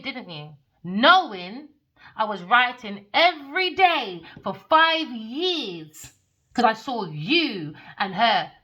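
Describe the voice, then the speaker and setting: Brief: blunt woman tarot reader, profane, sharp bright tone. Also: mid-range voice. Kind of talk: tarot reading rant.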